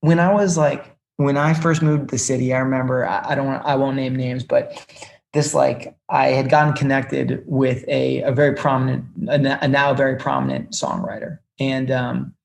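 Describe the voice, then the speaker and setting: A young man, a music business executive, talking casually as a podcast guest and telling animated stories with lots of fillers and restarts. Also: mid-range voice, normal speed, creaky.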